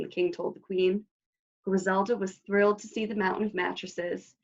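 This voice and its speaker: A woman librarian reading a picture book aloud at children's story time, expressive, with asides to the children. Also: mid-range voice, moderate pace, dull audio.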